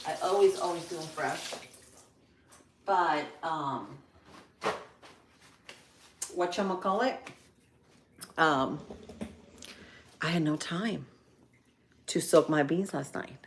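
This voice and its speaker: A middle-aged woman talks to her live viewers as she cooks in her kitchen, rambling from one errand to the next. Her voice sits a little low and is full of fillers and asides. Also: takes it slowly, long pauses, slight background noise. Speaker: cooking vlogger on a live stream. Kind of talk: casual chat while cooking. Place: home kitchen.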